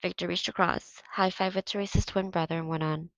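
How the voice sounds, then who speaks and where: A woman teacher reading a novel aloud in steady first-person narration. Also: lowish voice, brisk, no room sound, muffled recording.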